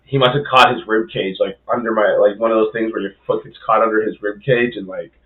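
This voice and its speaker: A man's voice: lowish voice, steady tone, quick pace, narrow, tinny audio. A young man chatting casually on a podcast, recounting a rugby game as co-host. He swears freely and fills his sentences with "like" and "dude," talking in a loose, rambling way. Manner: casual storytelling, heavy swearing and fillers. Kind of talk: casual chat.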